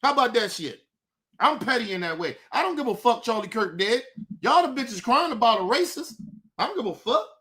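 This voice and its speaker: High-pitched, profane ranting man. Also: very animated, fairly quick, sharp tone. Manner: profane, combative, taunting. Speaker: host. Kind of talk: livestream commentary rant.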